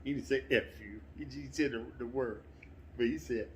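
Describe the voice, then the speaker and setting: A middle-aged man telling a personal story in a relaxed, conversational way, sometimes getting animated. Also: mid-range voice, moderate pace, a little hiss or hum. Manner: relaxed, conversational, breaks into animated quoted voices. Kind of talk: casual spoken anecdote.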